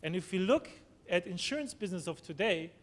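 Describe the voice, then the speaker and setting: Guy giving a conference talk, a bit high voice, lots of restarts and "right?", hall echo. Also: expressive. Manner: halting, many restarts and fillers, tag questions. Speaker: conference speaker. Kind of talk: conference presentation. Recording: long hall reverb, faint noise.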